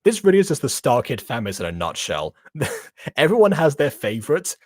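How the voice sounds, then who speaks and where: A man's voice: medium pitch, very animated, a little fast, darkish tone, no room sound, clean studio sound. A man co-hosting a reaction stream, chatting casually and rambling with frequent laughs. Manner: rambling, laughing between thoughts. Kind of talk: casual chat.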